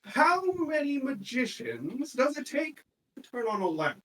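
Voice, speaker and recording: A game master voicing a brash male stand-up comedian in a tabletop game, telling crude jokes loudly and stretching out the punchlines. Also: high-pitched, big pitch swings, voice pushed up, exaggerated voice. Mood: joking. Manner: loud crude joke-telling, drawn-out punchlines. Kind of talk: tabletop game role-play. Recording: distant mic, faint noise.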